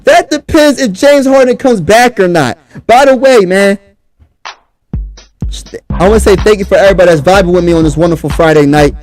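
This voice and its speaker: A man's voice: high voice, fairly quick, a little mellow, faint music behind. A man from Pennsylvania, hosting a casual livestream sports talk show and talking straight to his chat in a hyped way.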